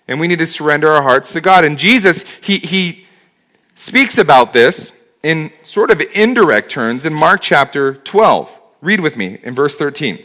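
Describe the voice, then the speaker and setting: A man's voice: on the high side, fairly bright tone. A man preaching a sermon as pastor, speaking conversationally and asking rhetorical questions.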